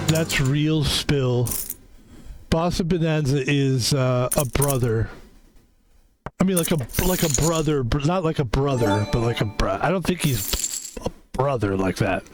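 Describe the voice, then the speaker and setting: A man casually commentating his own online poker game, rambling and correcting himself, with the odd swear word when he loses a hand. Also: on the high side. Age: adult. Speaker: gaming video host.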